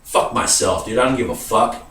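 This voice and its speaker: A man's voice: lowish voice, moderate pace, a bit bright, distant mic. A grieving, agitated man ranting to camera, swearing heavily and calling his viewers dude. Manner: heavy swearing, emphatic, calls viewers dude. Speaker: vlogger. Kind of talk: emotional rant to camera. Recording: roomy sound from away from the mic.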